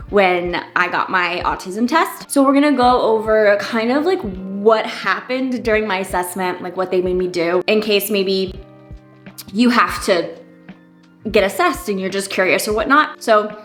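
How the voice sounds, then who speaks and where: A woman's voice: mid-range voice, unhurried, fairly bright tone, soft background music. A woman in her thirties telling a personal story in a casual vlog, chatty and candid, with lots of fillers and side remarks. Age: 30s. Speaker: vlogger.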